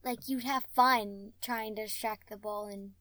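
A woman's voice: mid-range voice, fairly even intonation, measured pace, fairly bright tone, no room sound. A woman in a casual chat, answering hesitantly with many fillers.

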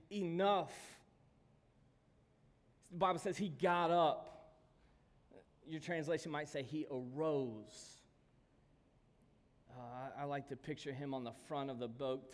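A man preaching a sermon, telling stories and swinging from calm talk to sudden shouts. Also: medium pitch. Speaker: pastor. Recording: long hall reverb.

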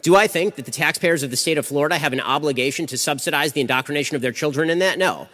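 A man answering audience questions in a rapid-fire, argumentative way, with frequent restarts. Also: on the high side, fairly bright tone. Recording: reverberant hall.

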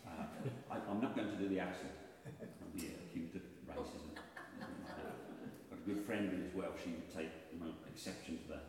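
A man's voice: low-pitched, normal speed, a little mellow. A man with a Birmingham accent doing self-mocking stand-up comedy with rambling asides. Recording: echoey hall, distant mic, faint noise.

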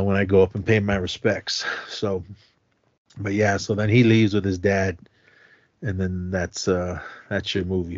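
A man's voice: sits low, dry recording, dull audio. A man co-hosting a podcast, casually retelling a film scene by scene in a rambling way and acting out the lines. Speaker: podcast co-host.

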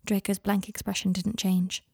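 Measured woman reading a story. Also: medium pitch, little pitch movement, darkish tone, slightly rough, no echo, clean studio sound. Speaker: audiobook narrator. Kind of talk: fan fiction audiobook reading.

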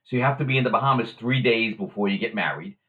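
A man telling a story as a guest in casual conversation, animated and acting out the voices of the people he quotes. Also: lowish voice, fast, narrow, tinny audio.

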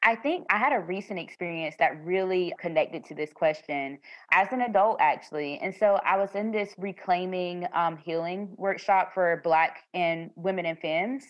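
A woman's voice: fairly low pitch, moderate pace, few pauses, dry recording. A woman guest telling about an experience in an earnest, affirming way. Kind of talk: conversational storytelling. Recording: dry, slightly dull sound.

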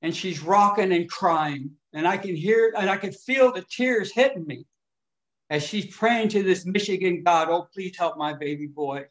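A man's voice: high voice, lively intonation, measured pace. Emotional middle-aged man telling his recovery story. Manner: emotional, swinging between loud and hushed. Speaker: recovery speaker. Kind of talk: AA share storytelling.

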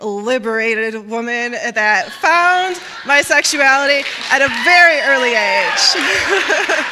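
Nervous lady at a story night, talks slow, bright voice, jokey. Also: a little high, long reverb tail, a little hiss or hum. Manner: nervous, joking, giggly. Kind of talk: live storytelling on stage.

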